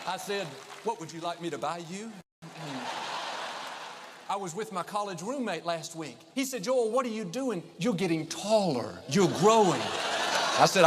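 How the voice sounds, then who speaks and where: Middle-aged male pastor, higher voice, emphatic sermon delivery, long hall reverb with faint hiss. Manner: upbeat, emphatic, drawls affirmations slowly.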